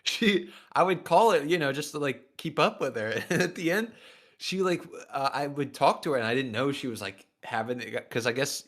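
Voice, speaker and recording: A man's voice: mid-range voice, normal speed. A male co-host in casual chat, rambling loosely and laughing often.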